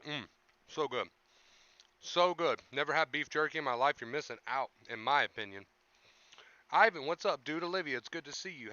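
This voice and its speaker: Bright, clear-voiced young man streaming. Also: a little high, dry recording, muffled recording. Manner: chatty, repeats phrases, coaches viewers. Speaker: livestream host talking about anxiety. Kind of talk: casual livestream talk.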